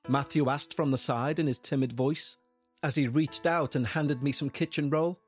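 A man's voice: a little high, steady tone, normal speed, husky, soft background music. A man narrating a first-person paranormal story in a scripted, tense delivery.

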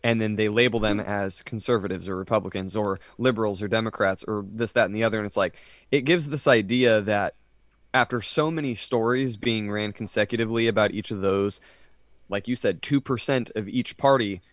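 A man co-hosting a casual podcast chat, animated and profane, slipping into mocking voices. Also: lowish voice, fairly quick, dry recording, clean studio sound. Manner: animated, swearing, mocking impressions. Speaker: podcast co-host.

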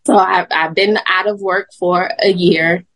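A woman guest sharing a personal faith testimony in animated storytelling that is often broken by laughter. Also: lowish voice, unhurried. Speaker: podcast guest.

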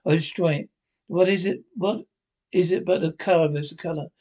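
A man reading as an earnest grown painter devoted to his art, pleading with his friends. The voice is a touch high for a man. It is read close to the reader's own voice. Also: fairly even intonation, a little fast, a little mellow, close to an everyday voice.

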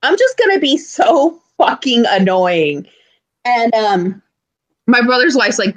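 A young woman co-hosting a casual chat, telling stories with lively, acted-out quotes. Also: fairly high pitch, normal speed. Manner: animated storyteller who acts out loud quotes. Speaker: podcast co-host.

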